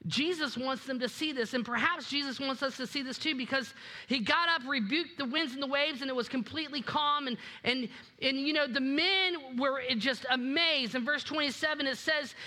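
High bright-voiced animated pastor preaching. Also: moderate pace. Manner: animated, acts out quoted voices, drops to low quiet emphasis. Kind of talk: sermon. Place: church sanctuary.

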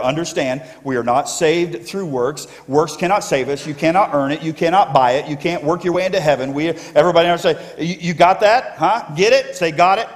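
A male pastor preaching a sermon, emphatically rallying his congregation to answer him back. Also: fairly high pitch. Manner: emphatic call-and-response with congregation. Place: church sanctuary. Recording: echoey church sanctuary.

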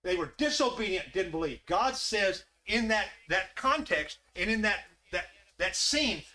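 A man's voice: high voice, expressive, unhurried, hardly any pauses, sharp tone. A man leading a Bible study in a folksy way, asking the group questions. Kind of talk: conversational Bible study teaching.

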